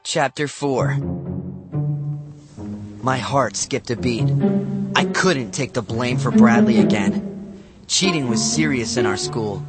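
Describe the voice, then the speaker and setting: A man narrating a children's novel as an audiobook, in a lively, expressive storytelling manner. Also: medium pitch, slow, pauses often, loud music behind the voice.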